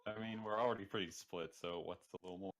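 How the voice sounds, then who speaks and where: A man's voice: deep voice, fast, fairly bright tone. A man playing a tabletop game with friends, teasing and pushing the group's plan. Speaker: player.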